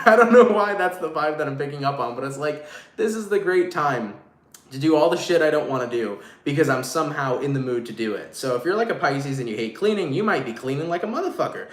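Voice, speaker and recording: A man's voice: fairly high pitch, animated, a little fast. A man giving a casual live tarot reading to viewers, talking in slang and swearing freely. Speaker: tarot reader. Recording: echoey room, faint noise.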